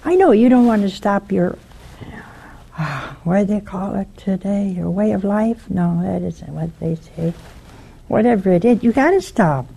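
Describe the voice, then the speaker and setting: A woman's voice: mid-range voice, unhurried, gravelly, dark tone, breathy edge. A woman on a broadcast network giving an informal religious talk. She issues an earnest warning and retells a story step by step.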